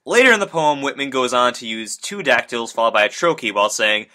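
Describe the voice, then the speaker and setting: Young guy reading a class presentation out loud, bright voice, pitch jumping around. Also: animated, fairly quick. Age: young adult. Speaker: student presenter. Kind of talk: read school presentation.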